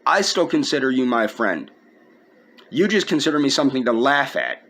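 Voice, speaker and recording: A man's voice: medium pitch, very animated, moderate pace, a bit bright. A man in a personal video rant, aggrieved and indignant, repeating his points. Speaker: vlogger.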